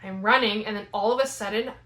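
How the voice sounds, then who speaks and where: A young woman telling a rambling, animated story in a casual vlog, full of "like" fillers. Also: medium pitch, quick pace. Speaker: fitness vlogger. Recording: roomy echo.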